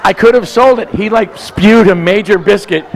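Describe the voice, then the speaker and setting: A man's voice: high voice, moderate pace, a little hiss or hum. Rambling storyteller man in a reverberant room. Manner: rambling, digressive, acts out voices and sounds. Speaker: guest storyteller. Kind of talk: animated anecdote telling.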